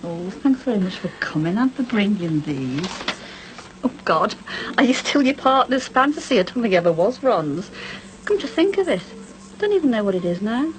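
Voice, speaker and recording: A tired, low-spirited woman, confiding and quietly hurt, her voice rising and falling widely. A woman acts her out in a TV soap. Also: very animated, moderate pace, close to an everyday voice, rough recording. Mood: weary. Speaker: wife. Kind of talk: 1990s TV soap acting.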